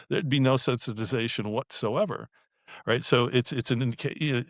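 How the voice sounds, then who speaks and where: Guest, man, mid-pitched voice, dry close sound, relaxed explainer. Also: normal speed, gravelly, no echo. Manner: explanatory, conversational, with laughs. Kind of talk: casual conversation.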